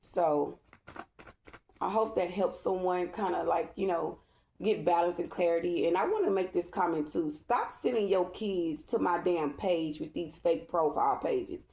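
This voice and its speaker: A woman tarot reader talks casually to her viewers, emphatic and repetitive, checking in with "okay?" Her voice has a gravelly fry. The sound rings in an echoey room. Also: lowish voice, measured pace, darkish tone. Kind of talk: casual vlog talk to viewers.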